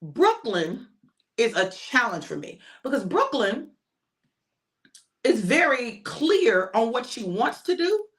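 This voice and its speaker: A woman's voice: fairly high pitch, sing-song, slow. An older woman preaching an informal sermon, emphatic and repetitive, often calling out to her listeners.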